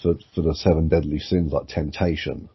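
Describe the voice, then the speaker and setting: A man's voice: rumbling low, level tone, moderate pace, breathy edge, no room sound. A man co-hosting a podcast in casual chat, rambling, swearing and acting out quoted voices. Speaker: podcast co-host. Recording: dull lo-fi sound, dry.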